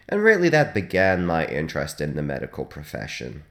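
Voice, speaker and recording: A man hosting a comic hospital radio show in a dry, deadpan monologue with sudden loud jumps. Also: rumbling low, brisk, few pauses.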